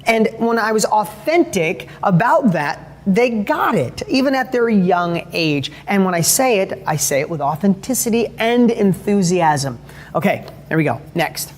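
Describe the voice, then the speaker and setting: Speaking at a measured pace in a sing-song way, a high-voiced middle-aged man delivers an earnest motivational talk. He shares stories about his family, frequently stopping to restart or correct himself.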